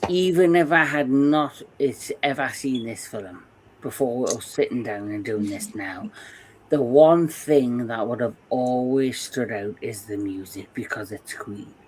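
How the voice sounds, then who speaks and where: Slow-talking Geordie man telling stories. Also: mid-range voice, a little mellow, a little hiss or hum, poor audio. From England. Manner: rambling anecdotal storyteller, laughs often. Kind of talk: casual chat.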